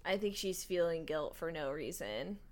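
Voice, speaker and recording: A woman's voice: sits low, expressive, moderate pace. A woman co-hosting a casual recap chat, mostly giving short, dry reactions. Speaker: podcast co-host.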